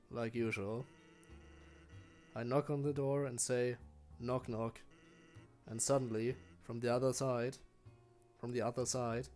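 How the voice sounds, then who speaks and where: A lazy, wisecracking skeleton guard from a video game, as a man puts him on while streaming, drawling his lines in an easy, relaxed way at a middling pitch. Faint game music plays softly underneath. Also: close to an everyday voice. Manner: chill, drawling and unhurried. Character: laid-back joking male skeleton sentry. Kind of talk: reading game dialogue aloud.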